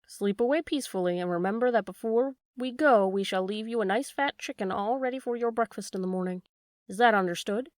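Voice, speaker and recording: A woman's voice: mid-range voice, a little fast, no echo, studio quality, natural voice. A woman voicing a sly female weasel who talks sweetly and coaxingly in a storybook reading.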